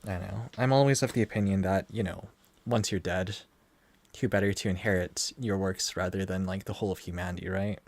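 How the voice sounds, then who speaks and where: A man streaming a game, chatting casually and musing in a relaxed way. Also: sits low, fairly quick. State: tired, head throbbing. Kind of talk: casual gameplay commentary.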